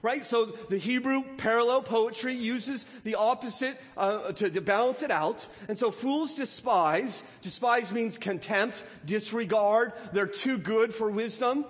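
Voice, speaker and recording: A man preaching a sermon, animated, asking his listeners many questions along the way. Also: sits high, measured pace, hardly any pauses, long reverb tail. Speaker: pastor.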